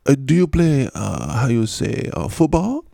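Jokey fake-French voice a man does, pitched up, teasing. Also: sing-song, measured pace, gravelly, mellow, dry recording, clean studio sound, full character voice. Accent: put-on French.

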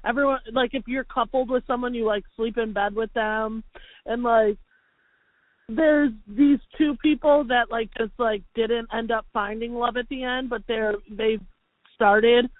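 A woman chatting casually and animatedly, full of "like" and quick asides. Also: fairly high pitch, dry recording. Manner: chatty, animated, lots of filler "like". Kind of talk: casual chat. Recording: tinny phone-like dry sound.

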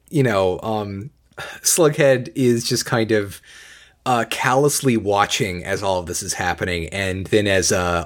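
A man co-hosting a casual podcast, recapping scenes in a hesitant, deadpan way full of filler words. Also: fairly low pitch. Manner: hesitant, many ums and uhs, deadpan. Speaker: podcast co-host. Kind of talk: casual chat.

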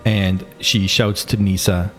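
A man narrating a tabletop game as game master, with many fillers and pauses. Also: deep voice, flat delivery, soft background music.

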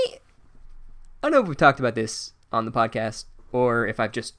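Podcast guy ranting about a book chapter, sweary and sarcastic, jumps all over in pitch. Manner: profane, animated, sarcastic. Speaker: podcast host. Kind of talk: comedic book recap.

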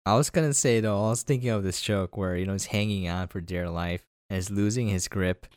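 A man's voice: sits low, brisk, a little mellow, clean tone, dry recording, studio quality. A man co-hosting a podcast in casual chat, enthusiastic and jokey, laughing often. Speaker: podcast co-host.

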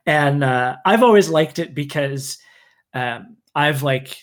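A man's voice: fairly high pitch, expressive, slow. A man with no regional accent, talking in a hesitant way with many restarts in casual political podcast chat. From United States.

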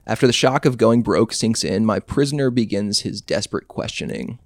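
Male podcast host, low and gravelly, sardonic storyteller, dry close sound. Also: normal speed, dry recording. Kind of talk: reading his own short story aloud.

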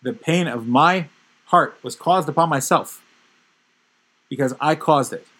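A man's voice: fairly high pitch, unhurried, fairly bright tone, rough recording. A man giving a Torah class, telling stories with emphatic, building intensity. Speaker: religious teacher.

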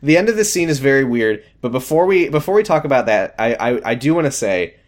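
Animated man recapping a TV show. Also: medium pitch, quick pace. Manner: animated, quotes characters in put-on voices. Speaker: podcast co-host. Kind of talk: casual chat recapping a TV show.

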